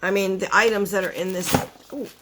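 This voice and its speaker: A woman in her forties chatting casually through a beauty box unboxing, excitable and chatty, often gasping and wandering into asides. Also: medium pitch, brisk, noisy background. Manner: chatty and excitable, gasps and laughs, trails off into asides. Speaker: beauty vlogger.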